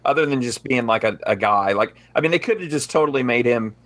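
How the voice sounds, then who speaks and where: A man's voice: medium pitch, lively intonation, fast, fairly bright tone. A man chatting casually about a movie, agreeable and enthusiastic.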